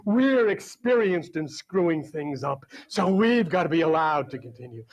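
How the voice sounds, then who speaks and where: A man delivering a sermon, emphatic, swinging from loud to hushed and asking his listeners "see?". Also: on the high side, sing-song, normal speed, hardly any pauses. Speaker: spiritual teacher.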